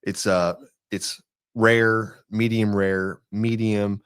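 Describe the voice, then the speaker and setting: A man's voice: lowish voice, level tone, drawn-out words, smooth. A man from Texas co-hosting a casual podcast, rambling and joking, often laughing. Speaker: podcast co-host. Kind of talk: casual chat.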